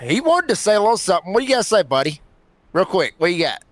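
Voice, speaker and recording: Guy with a high voice calling a sim race, folksy, lots of uhs, speeds up in bursts. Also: sing-song, no echo. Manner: folksy, chatty, quick bursts with many fillers. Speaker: play-by-play commentator. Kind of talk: sim racing race commentary.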